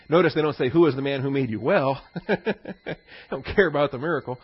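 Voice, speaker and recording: A middle-aged pastor teaching a sermon in a conversational, digressive way, with anecdotes and chuckles. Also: male voice, fairly high pitch, fast talker, husky. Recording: slightly dull lo-fi sermon recording.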